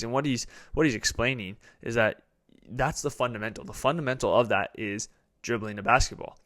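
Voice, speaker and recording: A young man talks through his own podcast episode in a loose, rambling way, with plenty of ums and likes. His voice sits a little low, and the sound is close and dry, with no room echo. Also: a bit bright. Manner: casual, rambling, with many fillers. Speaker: podcast host. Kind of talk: solo podcast monologue.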